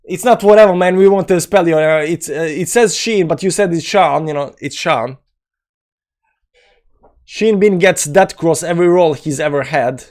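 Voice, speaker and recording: Male streamer, Balkan accent, slightly high pitch, loose rambling delivery while answering chat. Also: moderate pace, darkish tone. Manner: rambling, filler-heavy, reads comments aloud and answers. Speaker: crypto channel host. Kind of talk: live-stream chat reading.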